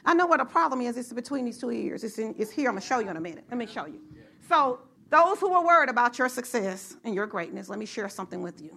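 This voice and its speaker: A woman pastor preaches, her voice high and sharp. She talks straight to her congregation and keeps working herself up until she is shouting the message. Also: very animated, quick pace, vocal fry. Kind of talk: sermon. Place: church.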